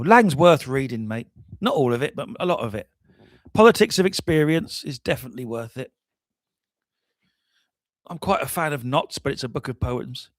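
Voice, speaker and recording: A jet-lagged man hosting a casual livestream chat, telling stories in an animated way, trailing off and restarting often. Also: mid-range voice, normal speed, pauses often, no echo, clean studio sound. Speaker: livestream host.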